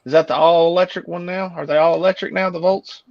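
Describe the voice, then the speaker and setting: A man hosting a casual car live stream, easygoing and quick to laugh, heard over call audio. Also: on the high side, fairly even intonation, creaky, no room sound. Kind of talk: casual chat. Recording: dull dry call audio.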